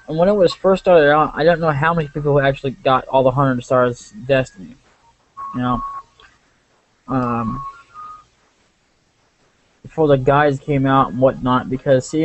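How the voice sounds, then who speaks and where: A man giving rambling, casual commentary over a game he plays, full of asides and restarts. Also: mid-range voice. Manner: rambling, many fillers and restarts. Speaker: let's play commentator. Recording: muffled lo-fi with faint hiss.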